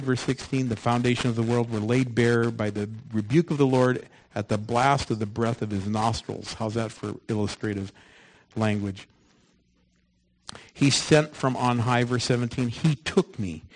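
Husky-voiced preacher giving a sermon. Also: male voice, medium pitch, low-quality recording. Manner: swings from loud emphatic lines to soft hushed ones.

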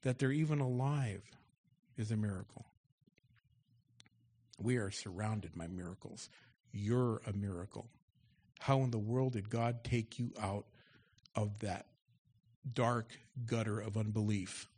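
A man's voice: lowish voice, unhurried, long pauses, a little mellow, husky. A man preaching a sermon in church, reading Bible verses aloud with rising force and then explaining them in an easy, conversational way. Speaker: pastor. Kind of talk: expository sermon.

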